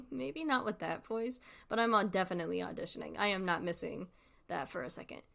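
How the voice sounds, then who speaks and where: A woman's voice: medium pitch, fairly even intonation, moderate pace, creaky. A woman streaming casual commentary, giggly and rambling, often correcting herself. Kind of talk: casual commentary on a web series.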